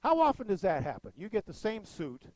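A middle-aged male pastor delivers a folksy sermon with a high, lifted voice. He tells stories with animated swings in pitch and loudness. The sound is dry and close, with little room echo. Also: fairly quick.

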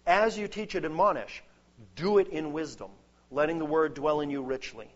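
A man's voice: fairly high pitch, moderate pace. A man preaching a sermon, earnest and emphatic, building points through lists. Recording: dull lo-fi sound.

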